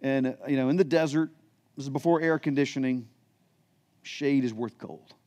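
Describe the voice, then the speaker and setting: A man's voice: mid-range voice, normal speed, warm tone. A middle-aged male pastor preaching a sermon, retelling scripture in everyday words. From United States. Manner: storytelling, paraphrasing scripture in plain modern words.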